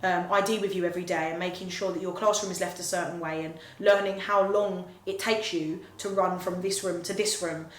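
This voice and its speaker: A woman's voice: fairly low pitch, fairly even intonation, brisk, hardly any pauses. A woman teacher giving frank, reflective advice in a casual talk. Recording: roomy room, faint noise.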